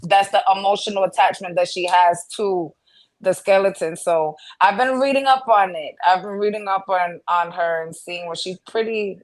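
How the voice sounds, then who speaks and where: A woman co-hosting a podcast, explaining her view at length in casual chat and thinking out loud. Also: mid-range voice, normal speed. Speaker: podcast co-host.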